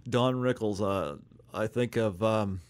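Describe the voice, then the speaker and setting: A man's voice: lowish voice, slow pace, clear, resonant tone. A man hosting an interview, putting in short interjections and laughing along. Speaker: podcast host. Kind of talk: casual interview chat.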